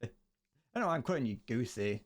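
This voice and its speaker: A man's voice: mid-range voice, very animated, quick pace. A man streaming a game, chatting casually, rambling and joking with viewers and swearing freely. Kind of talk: casual gameplay commentary.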